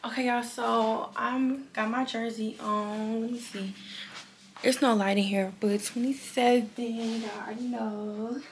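A woman's voice: on the high side, fairly even intonation, a little slow, slight background noise. A young woman chatting casually to her viewers. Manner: chatty, slangy, talks straight to viewers. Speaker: vlogger. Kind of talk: casual vlog chat.

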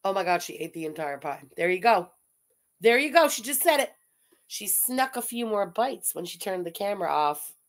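A woman's voice: mid-range voice, animated, moderate pace. A woman giving blunt, sarcastic reaction commentary, mocking what a streamer says.

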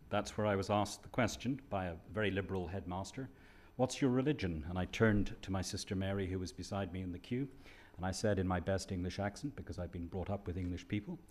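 A middle-aged man from Ireland speaks on a conference panel in a fairly low voice, lecturing like a professor. He lightens the material with wry, dry jokes. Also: a little mellow.

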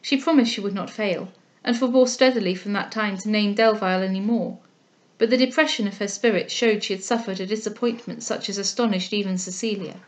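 A woman reading a classic novel aloud in a steady, measured storytelling voice. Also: medium pitch. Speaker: audiobook reader.

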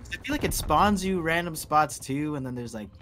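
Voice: mid-range voice, expressive, fairly quick, fairly bright tone, slight background noise. A player chatting easily with friends over headset voice chat during a shooter game, chuckling often. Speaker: stream guest and teammate. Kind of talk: casual gaming chat.

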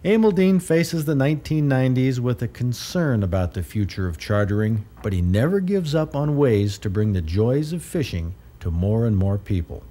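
Man, outdoor TV host, lively pitch, enthusiastic, appreciative interjections. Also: normal speed, few pauses. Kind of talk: TV outdoor show cooking segment.

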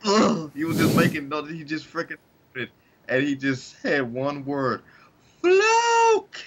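A man's voice: on the high side, fairly even intonation, moderate pace, a bit bright, slight background noise. A man co-hosting a podcast in casual chat, rambling with frequent restarts and laughter. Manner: rambling, restarts often, laughs while talking. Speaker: podcast co-host. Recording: dull lo-fi sound.

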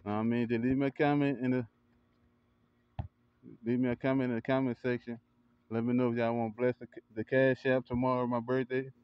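Man vlogger, casual backyard hype commentary, cheers loudly and laughs a lot, mid-pitched, slightly muffled lo-fi phone sound. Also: level tone, a little fast, long pauses, clean tone, dry recording. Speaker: vlogger and kennel owner. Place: outdoor backyard by a grill.

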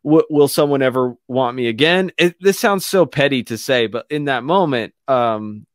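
A man telling a candid, emotional personal story as a guest on a radio talk show, halting often and restarting his sentences. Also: medium pitch, lively intonation, no room sound, studio quality. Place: radio studio.

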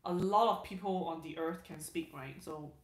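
A woman's voice: sits low, moderate pace, reverberant. A woman hosting a casual livestream, reading viewer comments aloud in a chatty way, repeating words and restarting sentences. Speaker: livestream host.

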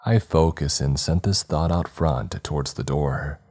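A man narrating a horror story in a slow, measured, dramatic reading. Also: a bass voice, a little mellow. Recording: faint background music.

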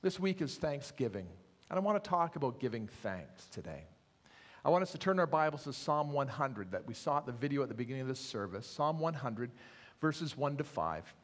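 Earnest pastor in an echoey church. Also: male voice, medium pitch, very animated. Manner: measured, earnest, dropping softly at phrase ends. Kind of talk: sermon. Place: church sanctuary.

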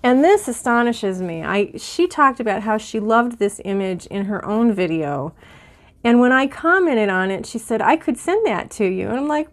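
A middle-aged woman chatting excitedly while she shows off her finds and opens mail, a little teary-eyed. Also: a little high, moderate pace. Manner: chatty and excitable, with many fillers. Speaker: vlogger. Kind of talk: casual haul and mail-opening chat.

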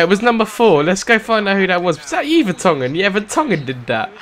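A young British man giving gameplay commentary on a football video game, excitable and sarcastic, shouting at goals. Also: high-pitched, brisk, crowd noise. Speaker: gaming commentator.

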